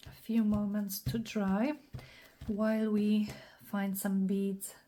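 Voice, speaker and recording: A woman hosting a casual crafting tutorial, thinking aloud in a scratchy, slightly hoarse voice and often clearing her throat. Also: mid-range voice, flat delivery, slow pace, dark tone. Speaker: craft channel host.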